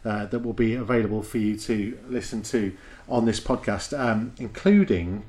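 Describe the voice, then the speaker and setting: A man's voice: lowish voice, normal speed, a little mellow. A man hosting a podcast in a casual, chatty and joking way. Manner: chatty, joking, self-mocking. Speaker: podcast host.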